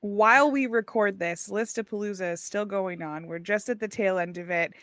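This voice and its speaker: Woman cohost teasing her friends, bright crisp voice, dead dry sound. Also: medium pitch, moderate pace, no echo. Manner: teasing, upbeat. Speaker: podcast co-host. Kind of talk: casual chat.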